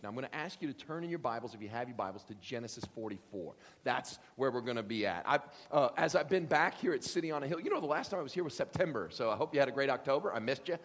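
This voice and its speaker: Animated man preaching in a hall. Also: mid-range voice. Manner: animated, joking, acts out voices. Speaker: pastor. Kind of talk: sermon.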